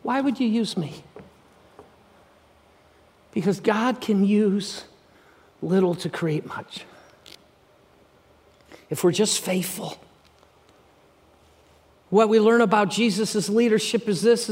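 A middle-aged man preaching a sermon as pastor, energetic and animated, dropping to hushed passages at times. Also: high voice, slow, pauses often.

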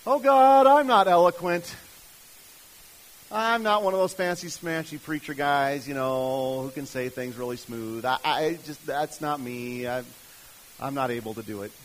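A man's voice: mid-range voice, fairly even intonation, normal speed, lightly acted, poor audio. A man voicing a reluctant, self-doubting man who whines and pleads to get out of a task. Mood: whiny excuses. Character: reluctant, whiny adult man pleading with God.

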